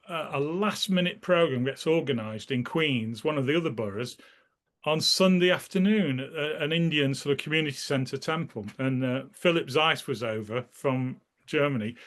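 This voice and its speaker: A man's voice: on the high side, normal speed, fairly bright tone. A man being interviewed, casually recalling memories in a rambling way, often restarting his sentences and acting out the people in his stories. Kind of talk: casual spoken recollection.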